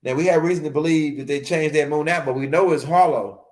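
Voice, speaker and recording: A man's voice: fairly high pitch, fairly quick, darkish tone. A man giving a casual, rambling lecture on a livestream, repeating himself and using street slang. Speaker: host of a spiritual teaching stream.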